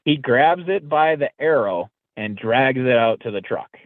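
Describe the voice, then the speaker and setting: At medium pitch and a little slowly, a man appearing as a podcast guest shares a casual story, animatedly playing out the lines he quotes. The recording lacks room sound and comes across dry and tinny, like a phone.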